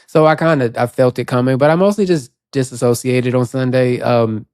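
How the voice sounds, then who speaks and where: A man co-hosting a podcast, telling stories in a chatty, animated way. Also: medium pitch, fairly quick, clear, resonant tone, no echo, clean studio sound. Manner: chatty, animated storytelling with quoted asides. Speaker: podcast co-host. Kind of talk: casual chat.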